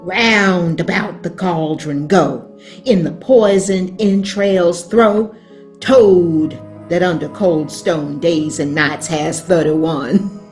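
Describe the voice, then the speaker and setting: A woman's voice: darkish tone, soft background music. A woman with a Southern US accent playing a cackling old witch, chanting spells in an amateur stage-play reading. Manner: slow, measured chanting with shrill cackles.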